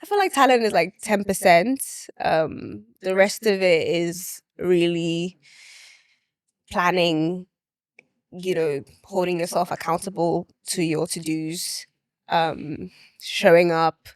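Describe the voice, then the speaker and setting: A young adult actress speaking as an interview guest in casual chat, expressive and quick to laugh. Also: female voice, lowish voice, no room sound. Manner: expressive, laughs often, lively storytelling.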